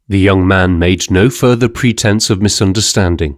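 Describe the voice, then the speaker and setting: A male narrator reads a novel aloud at a measured pace. His voice is low, and the recording is dry and close with no room sound. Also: no echo. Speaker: audiobook narrator. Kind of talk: scripted audiobook narration.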